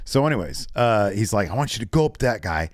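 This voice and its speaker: A man's voice: fairly low pitch, sing-song, fast, dry recording. A man co-hosting a wrestling podcast with a lot of movement in his voice. He talks casually and acts out the quotes with funny voices. The sound is dry and close, with no room around it. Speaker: podcast co-host. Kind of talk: casual wrestling recap chat.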